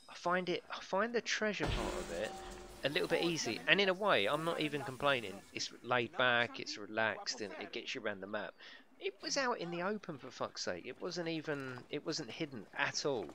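A man's voice: medium pitch, big pitch swings, a little fast, a crowd in the background. A man chatting casually as he streams a video game, swearing freely and laughing often. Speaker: gaming livestreamer. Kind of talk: casual live gameplay commentary.

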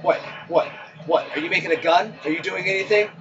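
High-voiced man whining over a game. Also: brisk, highs cut off. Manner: whiny, pleading, swears often. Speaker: game player. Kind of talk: casual gaming chat. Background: game music.

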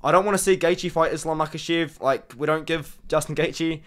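A hoarse man hosting an MMA analysis channel, giving casual, rambling fight-prediction commentary full of "like". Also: a little high, steady tone, fairly quick, a bit bright. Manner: chatty, rambling, lots of "like". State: hoarse from screaming.

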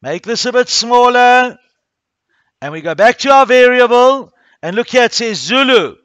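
Teacher, man, very high voice, dry close sound, walks the class through each step. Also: animated, moderate pace, fairly bright tone, clear, resonant tone, no room sound, muffled recording. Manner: talks through each click step by step, addressing pupils. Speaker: primary school coding teacher. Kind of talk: classroom coding tutorial. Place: school classroom.

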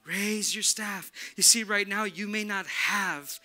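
A man's voice: sits high, slow pace, pushed and bright, faint music behind. A male pastor preaching a sermon in a casual, slangy, emphatic way, often repeating "look" to drive a point home. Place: church.

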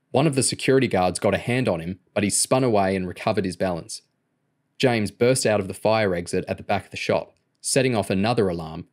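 Low-voiced man reading an audiobook. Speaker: audiobook reader. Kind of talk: audiobook narration.

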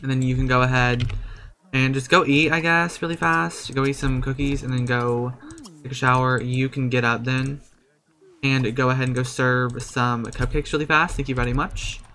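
A young man giving casual, chatty commentary over a life-sim game, excitable and swearing freely as he talks to his viewers. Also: medium pitch, normal speed. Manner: excitable, with sudden gasps and squeals; chatty and profane, talking straight to viewers. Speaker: let's play creator.

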